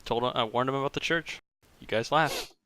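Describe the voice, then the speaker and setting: Joking player at the game table, bright tense voice, dry sound. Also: mid-range voice, brisk, no echo. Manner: joking, swears casually. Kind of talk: casual tabletop chat.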